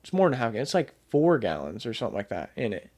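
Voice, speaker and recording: A man's voice: mid-range voice, sing-song, racing, darkish tone. Young man telling a rambling story. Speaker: podcast co-host. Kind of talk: casual chat.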